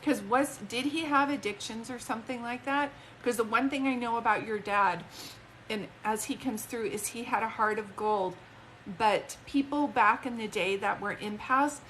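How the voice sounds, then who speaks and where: Speaking into her phone on a live stream, a psychic medium rambles emotionally, cutting herself off mid-sentence as she addresses both an unseen spirit and a viewer. Her voice is a little high and a bit bright, with slight background noise.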